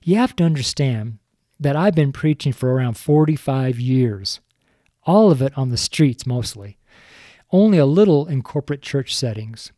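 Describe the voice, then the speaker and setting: A man's voice: medium pitch, lively intonation, moderate pace, warm tone, no echo, studio quality. An older man, a longtime street preacher, giving a sermon into a microphone, stumbling over his words and chuckling at himself. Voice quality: stumbling, self-deprecating, chuckling often. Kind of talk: recorded sermon show. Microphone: studio microphone.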